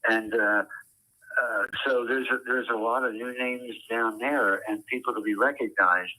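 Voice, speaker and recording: An older man who works as a ballpark public address announcer, speaking as an interview guest with precise enunciation and frequent "uh" pauses. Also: mid-range voice, fairly even intonation, sharp tone, poor audio.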